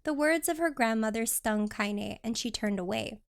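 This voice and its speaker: High-voiced woman reading a novel aloud. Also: moderate pace, vocal fry, smooth. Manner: steady storybook narration. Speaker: streamer.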